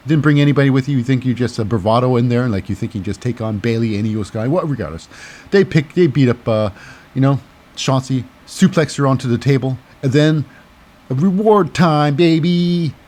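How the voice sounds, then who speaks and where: A man's voice: medium pitch, a little fast, a little mellow. Rambling, cynical male show host. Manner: rambling, digressive, cynical, lots of fillers. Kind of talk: casual wrestling recap commentary.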